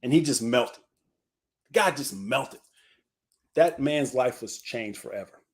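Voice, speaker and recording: A man's voice: medium pitch, slow. A man, addressed as coach, telling a story in a live group discussion. His voice rises and falls a great deal as he goes. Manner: animated storyteller, voice swings up and down.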